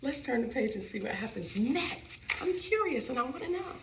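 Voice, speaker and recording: In a library, a woman reads her own picture book to small children, playful and sing-song, speaking directly to her young audience. Her voice is high and very animated, at a moderate pace, with reverb and slight background noise.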